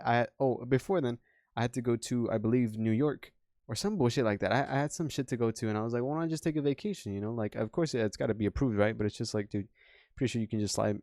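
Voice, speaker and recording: A man's voice: medium pitch, a little mellow, no room sound, clean studio sound. A young man venting about his job in a rambling, profane, frustrated way. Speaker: vlogger. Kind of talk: candid personal vent.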